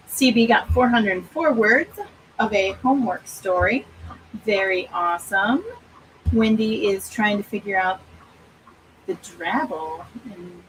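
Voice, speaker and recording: A woman's voice: mid-range voice, a little hiss or hum, low-quality recording. A middle-aged woman hosting a writing-sprint livestream, chatting in an upbeat way and laughing often. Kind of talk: casual live-stream chat.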